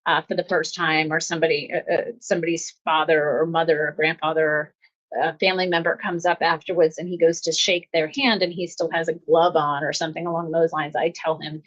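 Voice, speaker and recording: A woman's voice: low-pitched, little pitch movement, a little fast. Earnest woman giving self-help talk. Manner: earnest, warm encouraging tone, repeats phrases. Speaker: host. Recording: slightly dull lo-fi audio.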